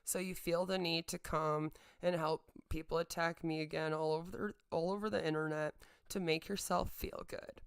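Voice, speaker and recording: Woman host, low gravelly voice, sarcastic and heated, repeats herself for emphasis on stream. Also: steady tone, normal speed, hardly any pauses. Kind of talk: livestream rant.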